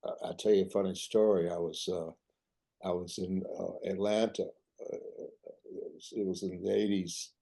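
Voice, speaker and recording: An older man giving a talk, reminiscing in a halting way full of restarts. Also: low voice, fairly even intonation, gravelly, dark tone. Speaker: artist giving a club talk.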